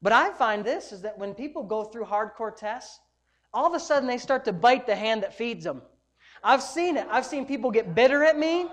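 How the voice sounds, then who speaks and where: A woman pastor delivers a sermon with a somewhat high voice. She preaches emphatically, pressing her points home with rhetorical questions to the congregation. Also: animated, moderate pace.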